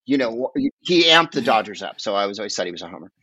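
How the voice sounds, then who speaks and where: A man's voice: on the low side, big pitch swings, rapid-fire, pushed and bright, dry recording, dull audio. A man from the Bay Area chatting as a podcast guest, rambling and emphatic, swearing freely. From San Francisco Bay Area. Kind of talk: casual conversational storytelling.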